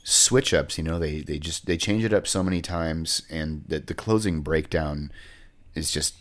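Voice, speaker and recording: A man's voice: extremely low pitch, normal speed, slight background noise. A man co-hosting a podcast, chatting casually and ramblingly about a band's record, with many restarts. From rural California. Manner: rambling, frequent restarts and laughter. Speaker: podcast co-host. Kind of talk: casual music review chat.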